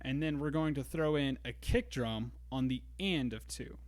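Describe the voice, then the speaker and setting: A man teaching a drum lesson in a relaxed way, explaining grooves step by step. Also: mid-range voice, normal speed. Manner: counts beats aloud, easygoing explaining. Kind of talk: casual instructional talk. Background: drum kit and metronome.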